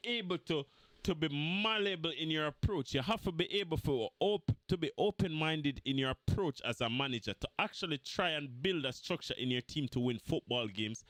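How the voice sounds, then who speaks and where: A man's voice: fairly high pitch, normal speed, no echo. Fired-up man ranting about football. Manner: animated, mocking, repeats points for emphasis. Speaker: football fan vlogger. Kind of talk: heated football fan rant.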